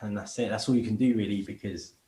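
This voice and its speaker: A man's voice: lowish voice, quick pace, roomy sound, poor audio. A man, a podcast guest chatting casually in heavy street slang and acting out other people's voices as he tells stories. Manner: animated storyteller, acts out other people's voices.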